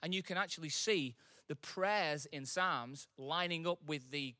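Brief: male pastor with a very bright voice and a fairly high pitch. Conversational sermon delivery with impassioned swells. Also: measured pace, no echo, clean studio sound.

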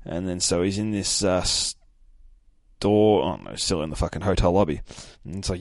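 A man's voice: deep voice, measured pace, dry recording, clean studio sound. A hungover young man hosting a podcast, recapping a comic in a rambling, profane, casual way with lots of fillers. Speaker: podcast host.

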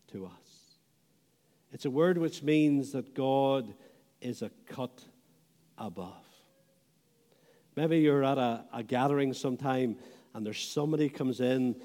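Male preacher, sermon delivery, very unhurried, warm low tone, phrases fading at the end; hall echo. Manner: slow and deliberate, trailing off softly at phrase ends. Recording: long hall reverb.

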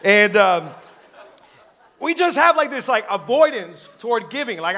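A man, a pastor, preaching a sermon in a joking, animated storytelling way and acting out quoted voices. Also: high voice, unhurried.

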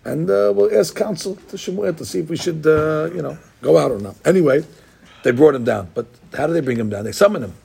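A man's voice: a little high, lively intonation, fairly quick, gravelly, a little mellow, husky. A middle-aged man, a rabbi, gives an informal Torah class, talking conversationally with digressions and many restarts.

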